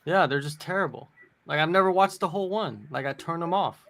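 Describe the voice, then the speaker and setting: Man, forties, gravelly, fairly high voice, animated, opinionated, casual chat. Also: a little fast. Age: 40s. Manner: animated, opinionated, laughs often. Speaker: co-host of a fight watch-along.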